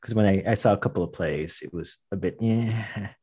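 A man's voice: fairly low pitch, brisk, warm tone, slightly rough. An American man chatting casually as a podcast co-host, rambling with restarts and laughing often. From United States. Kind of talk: casual chat.

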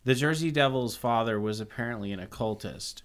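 Bright-voiced, jokey podcast guy. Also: medium pitch, brisk. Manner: rambling, jokey, swears freely. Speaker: podcast co-host. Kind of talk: casual chat.

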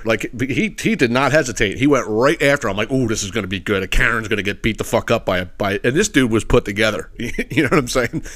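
A man's voice: mid-range voice, fairly bright tone. A man hosting a podcast, telling stories in a casual, profane rant with lots of filler phrases and laughter at his own jokes. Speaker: podcast host. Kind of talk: casual ranting storytelling.

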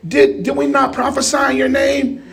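A man preaching a sermon in a lively, animated way, laughing and shouting at times. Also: very high-pitched, moderate pace.

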